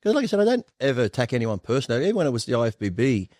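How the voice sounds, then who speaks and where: A man's voice: medium pitch, very animated, very fast, a little mellow, no echo, studio quality. An Australian man in his fifties telling candid stories as an interview guest, blunt and profane, often laughing. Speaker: guest bodybuilder.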